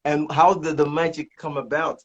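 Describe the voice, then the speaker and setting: A woman hosting an online interview show, relaxed and encouraging, with short responses. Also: low voice, normal speed, lo-fi sound. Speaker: host.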